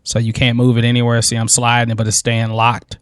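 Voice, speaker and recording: A man hosting a software tutorial, thinking aloud in a loose, informal way as he works on screen. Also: medium pitch, completely flat delivery, brisk, clean tone, dry recording, clean studio sound. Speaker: tutorial host.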